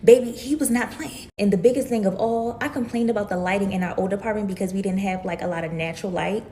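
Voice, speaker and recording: A woman's voice: mid-range voice, fast, dark tone, a little hiss or hum. A woman content creator, telling a story to camera in a sassy, emphatic way and calling listeners "baby.".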